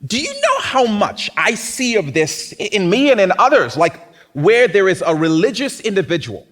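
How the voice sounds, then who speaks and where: A male pastor delivers a lively sermon, his voice sitting high and swooping through a wide, animated range. He talks to the congregation in a conversational way and often slips into acted-out voices of other people. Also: normal speed. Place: church.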